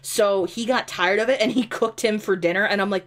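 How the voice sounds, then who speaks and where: A woman's voice: medium pitch, fairly quick, hardly any pauses. A woman with an upstate New York accent, chatting casually and ramblingly on a gaming stream. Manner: rambling, full of "like", laughs easily. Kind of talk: casual chat while gaming.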